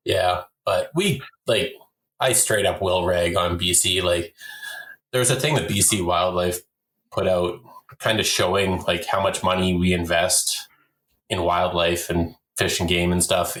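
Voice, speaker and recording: Deep-voiced man, blunt and opinionated. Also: fairly even intonation, measured pace, fairly bright tone. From Canada. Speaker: podcast guest, hunter and wildlife photographer. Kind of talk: casual conversation. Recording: roomy echo.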